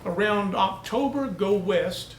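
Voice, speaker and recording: A man's voice: sits high, takes it slowly, roomy sound, slight background noise, low-quality recording. A male pastor preaching a sermon, telling down-home country stories and building to emphatic peaks. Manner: folksy storytelling preacher, rising to emphatic peaks.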